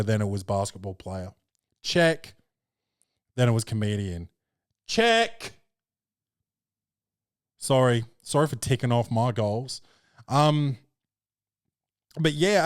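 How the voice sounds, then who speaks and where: Young Aussie bloke hosting a podcast, laid-back slangy banter, mid-pitched, close dry mic. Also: male voice, normal speed, pauses often, dry recording. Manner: loose, slangy, jokey storytelling. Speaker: podcast host and comedian. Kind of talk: casual podcast chat.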